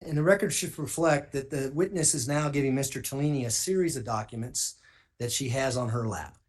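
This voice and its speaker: A male prosecutor presses a witness with pointed questions. His voice sits at a middle pitch. He speaks firmly in a courtroom. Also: brisk. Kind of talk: courtroom cross-examination.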